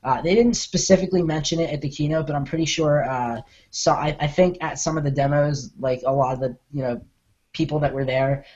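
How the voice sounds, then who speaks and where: A man's voice: fairly high pitch, fairly quick, darkish tone, dull audio. Rambling, hedging man on a podcast. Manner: rambling, hedging, lots of fillers. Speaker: podcast co-host. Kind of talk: casual podcast chat.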